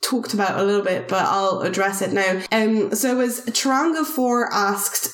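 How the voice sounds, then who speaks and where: A woman's voice: medium pitch, steady tone, moderate pace, few pauses. A woman in her thirties with a non-native English accent, co-hosting a podcast in casual chat and rambling with many fillers and restarts. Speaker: podcast co-host. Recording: roomy echo.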